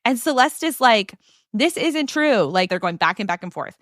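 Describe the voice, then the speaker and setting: A woman podcast host telling a story in a casual chat, animated and full of "like" fillers. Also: medium pitch, a little fast, dry recording, clean studio sound. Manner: animated retelling with many "like" fillers.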